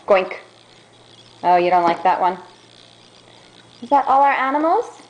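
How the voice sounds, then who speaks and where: A woman's voice: a little high, sing-song, darkish tone, muffled recording. A young mother talking to her toddler at home in coaxing, sing-song baby talk. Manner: sing-song, drawn-out questions.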